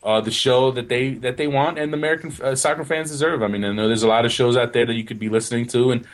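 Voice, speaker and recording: A man's voice: medium pitch, quick pace. A man co-hosting a casual soccer podcast in a mid-range voice. He rambles and restarts his sentences, often circling back with "you know what?" before he lands on a point. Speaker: podcast co-host.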